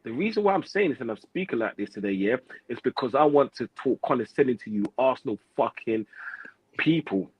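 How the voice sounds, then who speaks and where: A husky-voiced man delivers a heated, profane football rant, leaning on repetition and street slang. His voice sounds dry and close but a little dull and lo-fi. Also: mid-range voice, animated, brisk, no room sound. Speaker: football pundit host.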